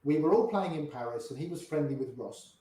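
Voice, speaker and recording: His voice is on the high side yet dark in tone, animated and a bit fast. The older, grey-haired poker player tells interview stories about the game, acting out quoted voices in an echoey room.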